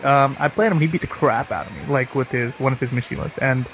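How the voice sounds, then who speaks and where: A man's voice: medium pitch, expressive, fast talker, a bit bright, soft background music, rough recording. A man co-hosting a casual chat, laid-back and laughing easily. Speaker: co-host. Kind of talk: casual chat over match footage.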